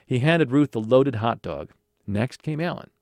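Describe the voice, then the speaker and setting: Expressive man reading a storybook. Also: medium pitch, measured pace, no echo. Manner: expressive, animated. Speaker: narrator.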